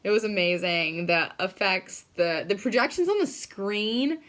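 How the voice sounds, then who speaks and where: A woman's voice: medium pitch, expressive, a little slow, a bit bright. A young woman chatting casually in a vlog, gushing and emotional, with many fillers. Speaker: vlogger. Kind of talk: casual chat.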